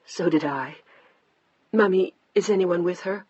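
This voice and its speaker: A narrator voicing a frantic mother calling overseas, urgent and pleading, shouting into a bad phone line. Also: mid-range voice, unhurried, husky, dry recording.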